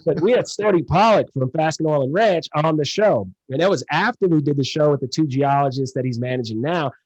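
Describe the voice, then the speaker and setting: Animated storytelling man, dry close sound. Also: a little high, brisk, no room sound, muffled recording. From USA. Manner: animated storyteller, acts out quoted exchanges, laughs often. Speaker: podcast guest, geologist. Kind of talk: casual interview chat.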